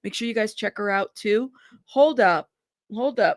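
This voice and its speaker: A woman's voice: medium pitch, a little slow. A woman hosting a casual live stream, chatting, reacting to viewers and laughing. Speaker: host of live trial coverage stream.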